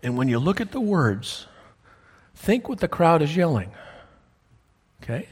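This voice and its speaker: Pastor, male, husky voice, storytelling sermon, keeps checking in with the congregation. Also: a little high, big pitch swings, a little slow. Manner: storytelling, checks in with listeners often. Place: church sanctuary. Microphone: wears a clip-on mic.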